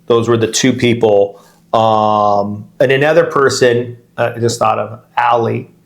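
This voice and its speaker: A man's voice: mid-range voice, fairly even intonation, measured pace, creaky. A middle-aged man co-hosting a podcast, chatting casually in long rambling stories that he keeps interrupting and restarts, laughing as he goes. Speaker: podcast co-host, real estate agent.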